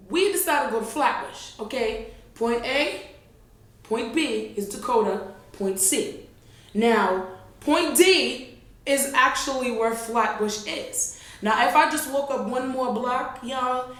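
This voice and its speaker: A young woman tells a storytime vlog, talking straight to her viewers in loose, animated slang. Her voice sits a little high. The room around her is very echoey. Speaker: vlogger.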